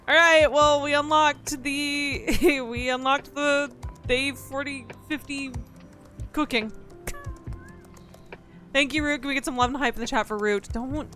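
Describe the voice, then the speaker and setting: Woman streamer, casual playful chatter, slightly high voice, faint music in the background. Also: fairly even intonation, measured pace, pushed and bright. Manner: chatty and playful, thanking donors. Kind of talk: casual live-stream chat.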